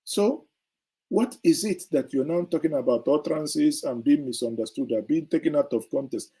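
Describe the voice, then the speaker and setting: Indignant man with a dark, husky voice. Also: fairly high pitch, normal speed, low-quality recording. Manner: indignant, emphatic, sarcastic. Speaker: commentary host. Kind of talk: opinionated political commentary.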